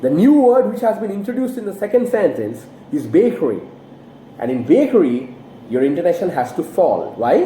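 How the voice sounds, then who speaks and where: A woman teaching English intonation in an online lesson, speaking deliberately and emphatically with sweeping pitch. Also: warm tone, slight background noise. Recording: roomy echo.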